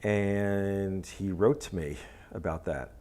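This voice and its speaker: Low-voiced hesitant male photographer. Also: takes it slowly, warm tone. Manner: hesitant, rambling, many ums. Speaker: photographer, interview guest. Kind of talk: casual interview.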